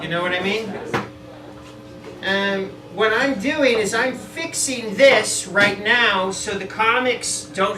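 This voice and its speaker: A man doing a rambling, self-deprecating stand-up set in a bar, ad-libbing through the trouble. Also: sits high. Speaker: stand-up comedian. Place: bar comedy room. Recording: echoey room, mic far off.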